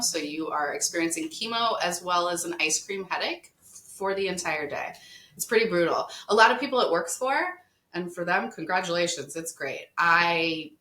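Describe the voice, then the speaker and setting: A woman guest on a podcast, casually telling a personal story in an animated way, often laughing. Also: on the low side. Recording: echoey room.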